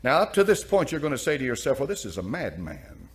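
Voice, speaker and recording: Male preacher, animated delivery, hammers points through repetition. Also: medium pitch, fast talker. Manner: emphatic, repeats phrases for effect. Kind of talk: preaching commentary on a story.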